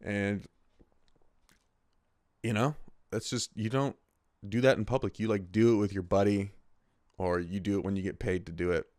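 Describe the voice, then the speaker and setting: A man's voice: fairly low pitch, steady tone, moderate pace, pauses often, darkish tone, dry recording, clean studio sound. Rambling, swearing man in his twenties. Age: 20s. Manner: rambling, profane, restarts often. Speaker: host. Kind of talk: casual solo monologue.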